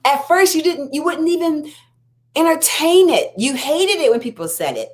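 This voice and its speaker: A woman's voice: high voice, lively intonation, normal speed. A woman life coach giving an earnest, encouraging self-help talk, repeating phrases for emphasis.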